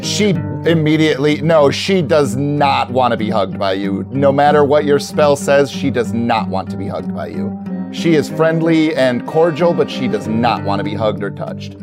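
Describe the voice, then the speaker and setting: A man narrating a tabletop role-play game as game master, calm and firm. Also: medium pitch, normal speed, music in the background.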